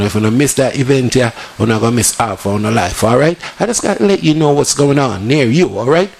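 A man with a Jamaican accent, hosting on radio and reading sponsor ads in animated, repetitive sales patter. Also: mid-range voice, creaky. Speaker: radio host. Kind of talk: ad reads in patois.

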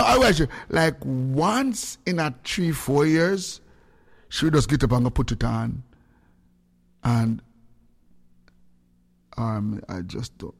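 A man hosting a radio show, telling stories in casual patois with sudden high-pitched outbursts. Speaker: radio host.

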